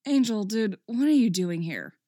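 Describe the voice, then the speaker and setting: A woman's voice: mid-range voice, lively intonation, normal speed, mellow, no room sound, clean studio sound, lightly acted. A woman voicing an offbeat, unflappable young woman thief who talks casually in a read-aloud story. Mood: unfazed.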